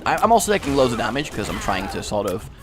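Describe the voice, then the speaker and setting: A man's voice: medium pitch, quick pace. English guy rambling over a game, sarcastic, voice jumps all over the place, bit of game music underneath. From England. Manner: chatty, sarcastic, rambling asides with bursts of excited yelps. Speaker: gaming YouTuber. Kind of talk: let's play commentary.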